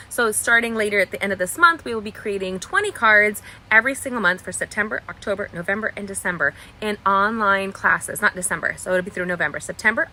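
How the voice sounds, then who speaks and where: A woman's voice: medium pitch, pushed and bright, slight background noise. A woman teaching a live online card-making class, chatty and bubbly, wandering into stories and greeting viewers by name. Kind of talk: live online craft tutorial. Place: cluttered crafting desk.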